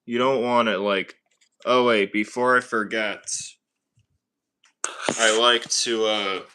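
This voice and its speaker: A man talks into his phone camera in his home kitchen, his voice sitting on the low side. He speaks slowly and loosely, drifting between asides and repeating himself in a casual livestream ramble. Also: fairly even intonation, pushed and bright, low-quality recording. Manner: rambling, repeats phrases, self-conscious asides. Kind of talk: casual livestream chat while cooking.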